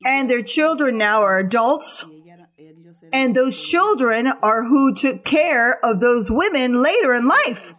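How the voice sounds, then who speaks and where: A woman's voice: sits high, animated, slow pace, a bit bright. A woman preaching a sermon, giving earnest exhortations in short repeated commands.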